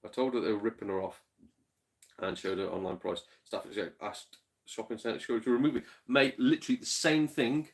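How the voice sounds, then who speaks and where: A man with a fairly low-pitched voice, speaking at normal speed, is streaming live while a little tipsy. He reads chat and shares stories casually, with plenty of swearing and frequent laughter.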